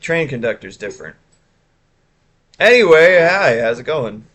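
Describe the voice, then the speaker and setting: A man's voice: on the high side, big pitch swings, unhurried, fairly bright tone. A man streaming live, chatting casually and rambling with chat while showing his art. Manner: rambling, chatty, self-interrupting.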